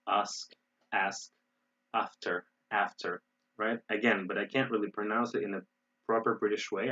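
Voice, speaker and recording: A man's voice: fairly low pitch, a bit bright, husky, dull audio. An American man teaching English in an online webinar, explaining pronunciation with many fillers and restarts. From United States.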